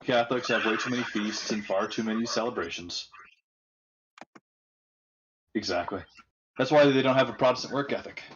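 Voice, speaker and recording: A man's voice: mid-range voice, normal speed, pauses often, fairly bright tone, highs cut off, slight background noise. A man chatting casually on a livestream, opinionated and joking as he grumbles about movies. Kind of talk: casual chat.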